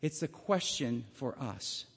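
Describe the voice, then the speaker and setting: A man preaching a sermon and telling the story dramatically, his voice swinging between loud and hushed. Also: mid-range voice, expressive, slow, creaky, breathy edge, long reverb tail.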